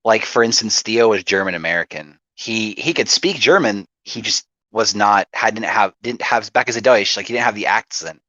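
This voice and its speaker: A man's voice: lowish voice, moderate pace, hardly any pauses, pushed and bright, no echo, muffled recording. A man in casual podcast chat, rambling with many fillers and frequent swearing. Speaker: podcast guest. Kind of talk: casual chat about roleplay.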